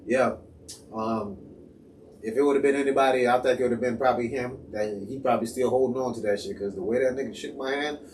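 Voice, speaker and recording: A man's voice: medium pitch, fairly even intonation, brisk, darkish tone, distant mic, slight background noise. A man in casual chat, talking in a rambling, hesitant and profane way. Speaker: podcast co-host.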